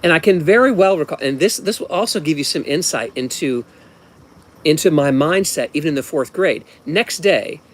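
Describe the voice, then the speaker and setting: His voice a little high and animated at a moderate pace, this Ohio man in his fifties tells a personal story at home. He rambles casually, often restarting and slipping in asides.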